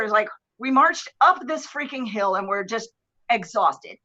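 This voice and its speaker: Animated storyteller woman, lo-fi stream. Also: a little high, unhurried. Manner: animated, swears casually, acts out voices. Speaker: guest. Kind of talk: casual storytelling. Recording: dull lo-fi stream audio.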